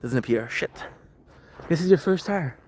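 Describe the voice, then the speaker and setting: Filming himself with a handheld camera, a man skateboards through the snow and delivers a casual vlog monologue in a fairly high, expressive, slightly mellow voice at normal speed. He's rambling, profane, and self-reflective, with faint street sounds and passing cars audible behind him.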